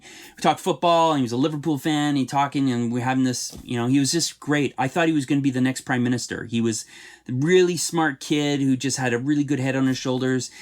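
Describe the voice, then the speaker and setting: A middle-aged man from Canada, a playwright, speaking earnestly and with feeling in a podcast interview, and growing animated when he talks about laughter and tears. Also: medium pitch, brisk. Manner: earnest, heartfelt storytelling.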